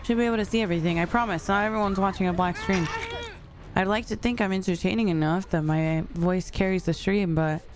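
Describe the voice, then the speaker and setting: A young woman with a mid-range voice streams a game and chats briskly and casually, thanking viewers and responding to chat. Faint music plays behind her.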